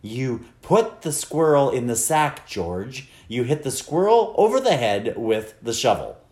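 A man voicing a determined middle-aged mother who gives slow, emphatic, exasperated commands. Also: lowish voice, sing-song, darkish tone, echoey room.

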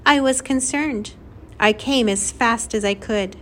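A woman voicing a small anxious boy with a high, thin voice who talks in a fretful, overly formal way. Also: a little slow, fairly bright tone, a little hiss or hum.

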